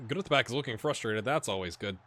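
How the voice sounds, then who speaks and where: A man hosting a gaming video, chatting and reacting excitedly as he plays a football management game. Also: medium pitch, fast talker. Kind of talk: live commentary while playing a football management game.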